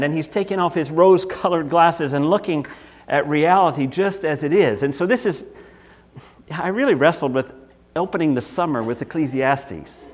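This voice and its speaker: Animated Southern pastor preaching. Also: male voice, fairly high pitch. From Southern United States. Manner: conversational preaching, animated and emphatic. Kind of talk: sermon.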